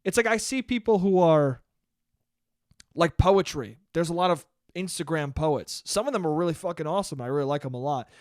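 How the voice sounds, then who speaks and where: A man's voice: a little high, animated, fairly quick, no room sound, studio quality. A young man hosting his own solo podcast, ranting with lots of swearing and mocking quotes. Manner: ranty, profane, mocking put-on poet voices. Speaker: podcast host. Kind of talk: solo comedic rant.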